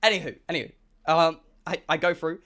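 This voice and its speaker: A young man, a streamer telling an animated, sweary storytime to his chat and acting out the dialogue. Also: fairly high pitch, a little fast. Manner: excitable, swearing, acts out dialogue.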